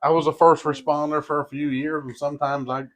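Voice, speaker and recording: A man's voice: on the high side, little pitch movement, brisk, fairly bright tone. A young man co-hosting a podcast in casual chat, laid-back, laughing often and swearing casually. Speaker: podcast co-host.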